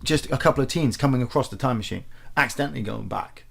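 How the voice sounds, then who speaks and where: A man's voice: medium pitch, fast talker, vocal fry, husky. A man co-hosting a casual film podcast, rambling along with plenty of fillers. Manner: rambling, lively, with frequent fillers. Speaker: podcast co-host.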